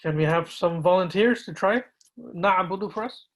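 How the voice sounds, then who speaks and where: A man, an imam, patiently teaching pronunciation and repeating words slowly to gently correct students. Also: high voice, poor audio.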